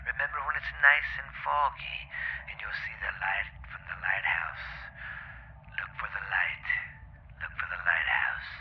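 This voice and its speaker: A man's voice: on the low side, animated, a little slow, a little hiss or hum. A man hosting a ghost-story podcast in a rambling, self-correcting way, with his voice run through an old-radio filter. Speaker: podcast host. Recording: muffled lo-fi radio-style sound.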